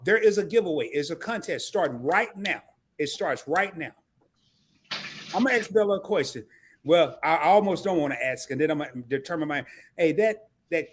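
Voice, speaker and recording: A man with a high voice that leaps up and down as he hosts a live stream, speaking. He talks in an animated, slangy way, often laughing and getting loud. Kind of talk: casual live stream chat.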